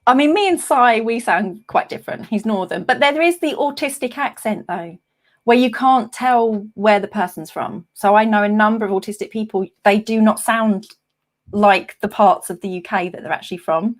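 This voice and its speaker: A woman's voice: mid-range voice, normal speed. A woman hosting a casual interview from her office, friendly and hesitant with frequent ums. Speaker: host.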